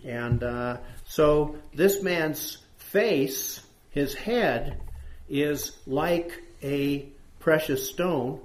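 A man's voice: a little high, very slow. Man leading a Bible study. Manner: conversational, asks the group questions, reads scripture aloud. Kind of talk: interactive Bible study teaching. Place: room with group. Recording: echoey room.

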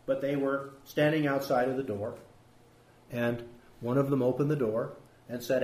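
A man's voice: mid-range voice, fairly even intonation, normal speed, darkish tone, roomy sound. A male pastor giving a conversational sermon, acting out the voices he quotes. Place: church building.

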